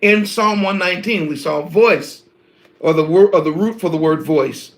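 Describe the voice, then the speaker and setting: A man teaching an online scripture lesson, animated and preacher-like, talking straight to his viewers. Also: fairly high pitch, moderate pace, echoey room. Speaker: Bible teacher.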